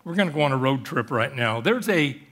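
A male pastor preaching a sermon in church, telling stories and jokes and slowing down on emphatic phrases. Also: mid-range voice, lively intonation, a bit bright. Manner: joking, storytelling preacher with emphatic slowed phrases. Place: church service.

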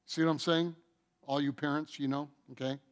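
A middle-aged man preaching a sermon, stretching out his phrases and swinging between booming emphasis and hushed asides. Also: little pitch movement, moderate pace, clear, resonant tone.

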